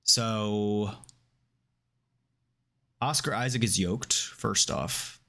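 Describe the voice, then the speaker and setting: A podcast co-host on a casual chat show retells a story in an animated way, packing it with filler words. His voice is lowish and creaky, and he draws out his words.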